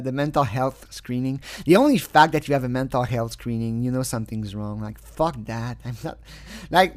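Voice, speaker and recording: A man's voice: mid-range voice, dry recording. A man who is not a native English speaker, giving casual, sarcastic commentary, often breaking into mocking laughter.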